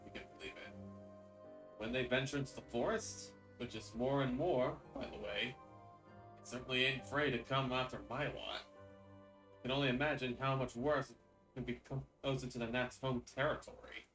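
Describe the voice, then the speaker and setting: A man voicing a blunt, gruff rustic hunter chief who talks in a folksy, colloquial way. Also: medium pitch, moderate pace, fairly bright tone, soft background music, natural voice.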